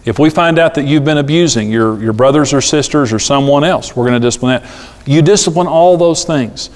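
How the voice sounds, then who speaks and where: A middle-aged man preaching a sermon on parenting, animated and acting out the voices he quotes. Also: fairly high pitch, fairly quick. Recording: long hall reverb.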